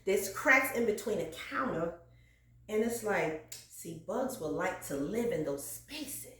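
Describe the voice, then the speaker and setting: A woman's voice: mid-range voice, lively intonation, unhurried, fairly bright tone, far from the mic. A woman hosting her cooking channel, chatting casually as she cleans her home kitchen, laughing often and slipping into preaching cadences. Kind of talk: casual chat while cleaning. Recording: roomy kitchen echo.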